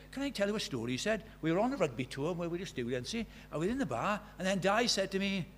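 A middle-aged man with a Welsh accent delivers a sermon with a fairly high voice. He shifts from loud, emphatic declarations to quiet, hushed asides as he preaches. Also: a little hiss or hum. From Wales.

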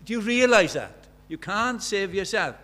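Impassioned older preacher. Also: male voice, sits high, lively intonation, moderate pace. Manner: impassioned, swings from hushed to loud. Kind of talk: evangelistic sermon.

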